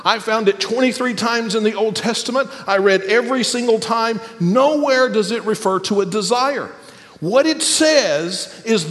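A man preaching a sermon as pastor, emphatic and animated, with pauses for effect. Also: high voice, in a large hall.

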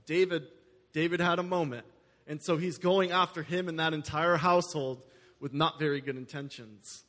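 A male pastor delivers a sermon with a voice pitched a little high. He mixes scripture reading with plain, chatty asides to his listeners. His voice rings out with a long reverb, as if recorded in a large hall. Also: steady tone, normal speed, fairly bright tone. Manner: conversational, explains the story in plain words.

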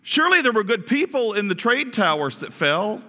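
Male pastor, bright, conversational sermon, reverberant church hall. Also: high voice, moderate pace. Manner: animated, conversational, asks the congregation questions.

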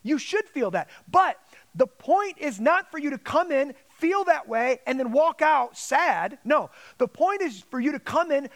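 A man's voice: very high-pitched, sing-song, unhurried, a bit bright. A man preaching a Sunday sermon as pastor, with dramatic emphasis and quoted asides.

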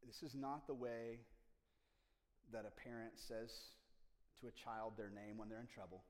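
A man's voice: medium pitch, fairly even intonation, measured pace, long pauses. Impassioned male preacher, reverberant church. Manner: swings from loud passionate rises to hushed near-whispers. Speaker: pastor. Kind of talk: sermon. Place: church sanctuary. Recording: long reverb of a large room.

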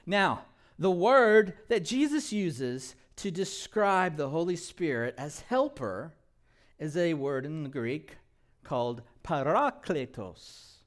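A man preaches to his congregation in a high, expressive voice that climbs and falls. He takes his time, lets each phrase land, and slips in small jokes and laughs. He asks the room to repeat key words back to him. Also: slow. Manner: animated preaching with call-and-response prompts; light humor, laughs at his own jokes. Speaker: pastor. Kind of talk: sermon.

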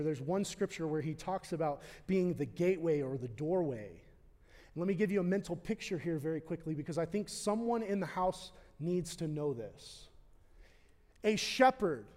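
A man preaching in a church with a high voice for a man. He swings from loud, fervent declarations down to hushed, tender prayer. His voice rings out with a long reverb in a big hall. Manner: impassioned, swells louder and higher at key points, then drops quiet. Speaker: pastor. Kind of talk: sermon.

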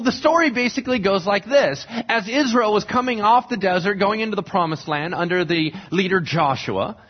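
A pastor telling a Bible story in a sermon, acting out the characters' lines with animated, casual voices. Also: male voice, high voice, slightly rough. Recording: dull lo-fi sound.

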